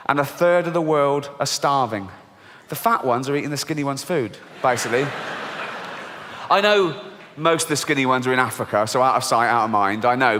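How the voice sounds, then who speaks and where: A middle-aged man with an English accent doing a stand-up comedy set, swearing and mocking, acting out voices with big jumps in pitch. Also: a bit bright, a little hiss or hum. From England. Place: large theatre stage before a laughing audience. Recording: live hall with long reverb.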